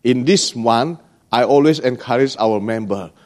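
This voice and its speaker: A man's voice: medium pitch, measured pace, darkish tone. A man preaching a sermon as pastor, in broken with frequent checking "yeah?" asides.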